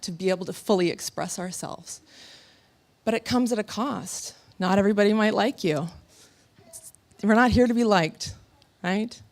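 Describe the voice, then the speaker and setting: A woman in her thirties giving a motivational talk on stage before a live audience, telling stories with animated energy and laughter. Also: mid-range voice. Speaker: motivational speaker.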